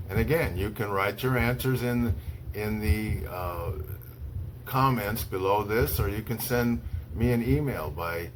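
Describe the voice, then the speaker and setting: Male ESL teacher from the US, slow and low, careful deliberate delivery, faint hiss behind. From United States. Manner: slow, deliberate, repeats words one by one for dictation. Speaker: English teacher. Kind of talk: slow, clearly spoken ESL lesson.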